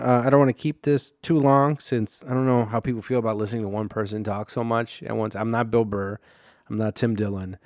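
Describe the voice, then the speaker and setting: A man's voice: on the low side, dry recording, studio quality. A man hosting a solo podcast, telling stories in a rambling, profane way full of fillers and restarts. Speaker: podcast host.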